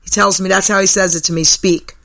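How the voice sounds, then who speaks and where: An older woman hosting a radio talk show, telling a personal story in a chatty way. Her voice is bright and clear. She acts out the people she quotes. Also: medium pitch, level tone, very fast. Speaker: radio host. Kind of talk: storytelling chat. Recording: radio broadcast.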